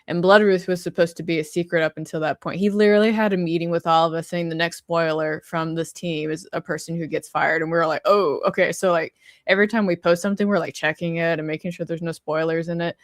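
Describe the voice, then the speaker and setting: A woman with a somewhat low voice chats casually on a panel. She talks loosely, full of fillers, and the sound is dry and close. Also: fairly even intonation, fast talker, no echo. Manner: casual, lots of likes and ums.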